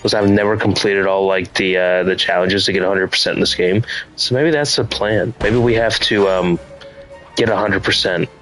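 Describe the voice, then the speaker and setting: A male streamer thinking out loud as he plays, rambling casually with plenty of fillers. His voice sits a bit low. Faint game music runs under his talk. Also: steady tone, moderate pace, poor audio. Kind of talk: casual live-stream commentary.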